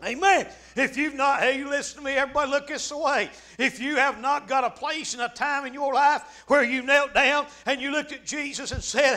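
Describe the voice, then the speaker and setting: Fervent high-voiced preacher man. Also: normal speed, few pauses. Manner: fervent, punctuated by frequent amens, bursts into shouts. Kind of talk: revival sermon.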